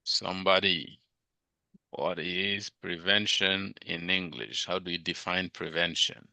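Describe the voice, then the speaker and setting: A man's voice: sits low, steady tone, slow pace, creaky, pushed and bright, dry recording. A male teacher giving a classroom lecture, drilling students on vocabulary with repeated questions.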